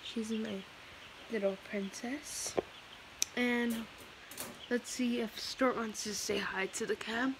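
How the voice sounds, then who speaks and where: A woman's voice: fairly high pitch, fairly even intonation, slow, long pauses. A young woman in her teens chatting casually in a vlog at home, rambling with many fillers and restarts. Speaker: vlogger. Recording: noisy home recording.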